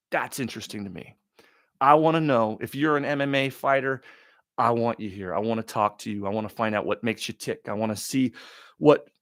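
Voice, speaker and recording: A man hosting a live question-and-answer stream, talking in a rambling, excitable way with many restarts. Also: medium pitch, no echo, studio quality. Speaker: talk show host.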